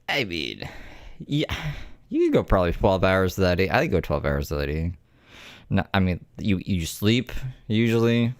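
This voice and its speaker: Brief: low-voiced male host, crude and blunt, dry close sound. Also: big pitch swings, moderate pace, no echo. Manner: blunt, profane, exasperated. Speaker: host reacting to clips. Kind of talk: reaction commentary.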